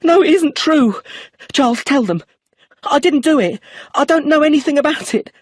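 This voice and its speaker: A man's voice: sits high, sing-song, normal speed, slightly rough, dry recording, clean studio sound, voice pushed up, exaggerated voice. A man reading an audiobook, voicing a young widow who screams and pleads in panic. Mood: hysterical. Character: young woman, hysterical widow facing arrest.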